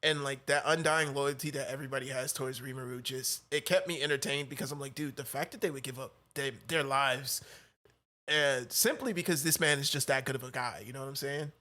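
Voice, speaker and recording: A young man co-hosting a casual anime podcast, excitable, laughing often and swearing freely. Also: mid-range voice, a little fast. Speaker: podcast co-host.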